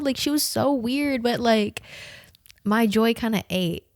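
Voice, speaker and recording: A young woman in her twenties from the southern United States, telling a story in a casual, animated, profane way, full of slang and "like". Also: on the high side, a little slow, dry recording, studio quality. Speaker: podcast host.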